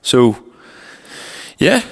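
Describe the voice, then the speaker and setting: A young man co-hosting a podcast, telling rambling stories with casual swearing. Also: extremely slow. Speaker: podcast co-host. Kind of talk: casual chat. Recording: long reverberant room.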